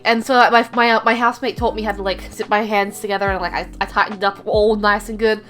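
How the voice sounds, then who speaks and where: A woman's voice: medium pitch, little pitch movement, fast, few pauses, fairly bright tone, faint music behind. A young woman casually telling a rambling story, heavy on fillers and self-mocking.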